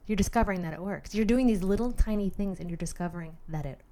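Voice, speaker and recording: A woman podcast host giving animated motivational talk, speaking straight to the listener in a coaching manner. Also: medium pitch, fast, a little hiss or hum.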